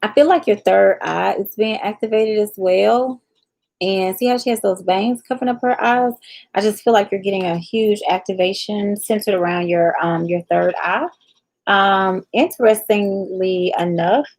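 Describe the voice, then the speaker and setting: A woman's voice: medium pitch, steady tone, measured pace, a little mellow, rough recording. A woman hosting a live tarot reading, chatting casually and speaking straight to viewers by name.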